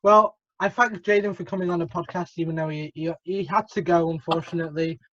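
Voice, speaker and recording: A man's voice: fairly high pitch, fairly even intonation, a little fast, a bit bright, no room sound, dull audio. A teenage boy from the UK hosting a casual podcast over a video call, laughing often, his voice cracking upward now and then. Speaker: podcast host.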